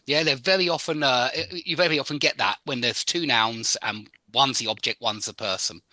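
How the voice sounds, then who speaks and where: A man's voice: mid-range voice, fairly quick, bright, forceful tone, no room sound. A man teaching an English lesson over a video call, correcting and encouraging his students and explaining word stress. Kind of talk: online live English lesson.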